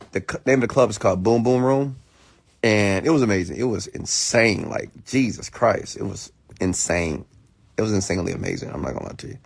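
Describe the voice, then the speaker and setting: A man casually chatting on a late-night livestream, rambling and excitable while he reads and answers viewer comments, still getting over food poisoning. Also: fairly low pitch, vocal fry. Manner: rambling, excitable, lots of restarts.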